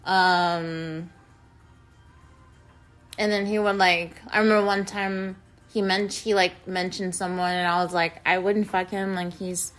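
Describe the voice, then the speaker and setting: A young woman vlogger telling a personal story in a rambling, casual way, filling every pause with "like" and speaking bluntly with plenty of swearing. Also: fairly low pitch, level tone, a bit bright, soft background music. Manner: rambling, heavy use of "like", blunt and profane.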